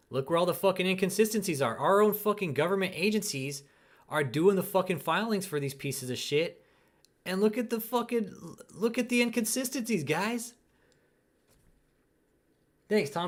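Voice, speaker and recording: A young man hosting a live stream, ranting angrily with heavy swearing and tagging his lines with "dude" and "man". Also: on the high side. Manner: angry, profane, repeats "dude" and "man". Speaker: channel host.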